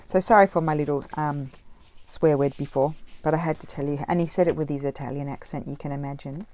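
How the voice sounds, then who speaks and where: A woman's voice: low voice, fairly even intonation, a little fast, mellow. A middle-aged woman chatting casually while she crafts, rambling with many fillers. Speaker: craft vlogger. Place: home craft table, indoors.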